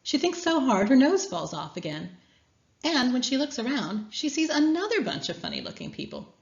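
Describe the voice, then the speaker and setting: A woman reading a children's story aloud as a guest speaker, with expressive storytelling. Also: high voice, moderate pace, muffled recording.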